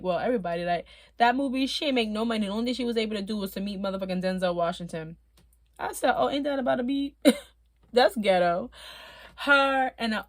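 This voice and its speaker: A woman telling stories from her time in prison to her viewers in a casual, animated, profane way, laughing often and at times tearful. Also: mid-range voice, dry recording. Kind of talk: casual storytelling.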